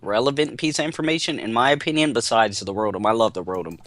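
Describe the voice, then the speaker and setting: A man's voice: medium pitch, fast, a bit bright. A young man hosting a casual podcast, upbeat and playful, often laughing as he talks. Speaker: podcast host.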